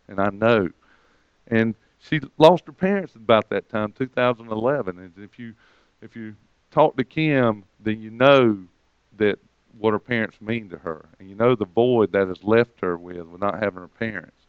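Guy preaching, telling a story, voice goes up when he quotes people, smooth clear voice, dry dull-sounding recording. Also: moderate pace, dry recording. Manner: retells conversations, quoting others with rising pitch. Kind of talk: sermon storytelling.

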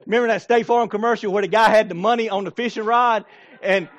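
Preaching at a quick pace, this pastor brings scripture stories to life with playful voices and laughter, staying animated throughout his sermon. His voice sits high, and the recording is dry and muffled.

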